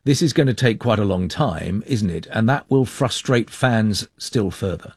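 A man hosting a radio discussion in a measured, formal way, introducing guests and posing questions. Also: fairly low pitch, expressive, breathy edge, dry recording, clean studio sound. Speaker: radio presenter. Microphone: studio mic.

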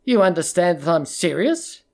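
A narrator voicing a tearful, unwell woman who pleads timidly and then threatens in a hushed, tense voice. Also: mid-range voice, sing-song, moderate pace. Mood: tense threatening. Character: desperate unstable woman, former employee. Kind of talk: audiobook character reading.

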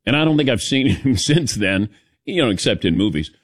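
Lively man hosting sports radio. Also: fairly low pitch, a little fast, no echo, clean studio sound. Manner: lively, jokey, calls on crew by name. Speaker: sports radio show host. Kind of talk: casual morning radio talk. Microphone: studio microphone.

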